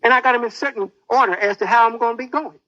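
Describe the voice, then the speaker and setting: A man preaching with a very high, bright voice that swings up and down. He speaks in a boastful, menacing sermon. The sound is dry and dull, like an old lo-fi tape. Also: racing, dry recording.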